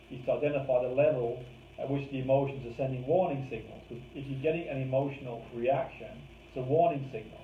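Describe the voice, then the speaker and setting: A man teaching a live course in a conversational way, leaning on key words to make his points. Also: medium pitch. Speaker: course trainer. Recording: roomy, distant, phone-like lo-fi with faint hiss.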